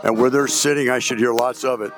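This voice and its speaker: A man's voice: mid-range voice, fairly even intonation, quick pace. An older man, a retired band director, giving spoken comments on a band's performance and singing out phrases to show how they should sound. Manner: sings and scats passages to show phrasing. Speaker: band adjudicator. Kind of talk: recorded band clinic comments. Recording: music playing loudly underneath. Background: band music playing.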